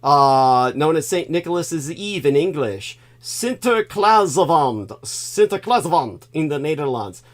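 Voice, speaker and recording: A man hosting a casual online fundraiser stream, chatting with a guest, full of "uh" fillers and loud bursts of laughter. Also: a little high, lively intonation, measured pace, few pauses. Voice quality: laughs loudly and often, frequent fillers. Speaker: host. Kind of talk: casual livestream chat.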